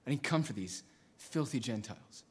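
Jesus, cold and curt, husky, as a man preaches it out. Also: mid-range voice, lively intonation, normal speed. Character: Jesus speaking coldly to a Gentile woman.

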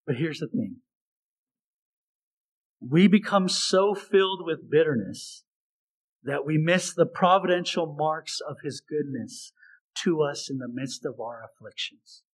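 A male preacher giving an expository sermon, swinging between raised, emphatic lines and hushed, low asides. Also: lively intonation, husky. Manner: slow, deliberate delivery.

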